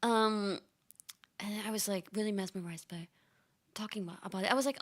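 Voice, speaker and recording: A young woman streamer chatting casually and telling stories excitedly, laughing often. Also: mid-range voice, fairly quick, long pauses. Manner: excitable storytelling with frequent laughs.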